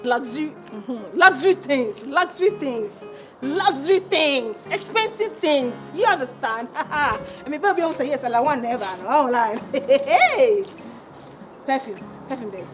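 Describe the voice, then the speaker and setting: Actress doing a flashy ghanaian young woman, giggly, teasing, high lively voice, soft music behind. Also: unhurried. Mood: playful. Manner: laughing, teasing, mixing Twi and English slang. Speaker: actress in a Kumawood film. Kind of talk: dramatic film dialogue.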